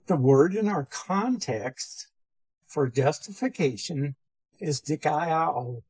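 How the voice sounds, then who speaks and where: A man's voice: a little high, animated, very slow, pauses often, a little mellow, husky, poor audio. A man teaching a theology lesson, methodically defining terms and repeating key phrases. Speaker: Bible teacher. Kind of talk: theology lecture.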